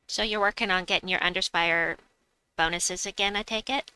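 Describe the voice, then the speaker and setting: A woman's voice: fairly low pitch, steady tone, normal speed, pushed and bright, clean tone, no room sound, rough recording. A woman streaming a game, chatting casually, reading viewers' messages aloud and laughing often. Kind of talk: casual live-stream chat.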